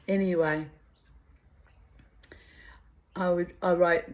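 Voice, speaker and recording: A woman's voice: sits low, unhurried, darkish tone. A middle-aged woman reading her own memoir aloud, fond and reminiscent, with digressive asides and laughter. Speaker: memoir reader.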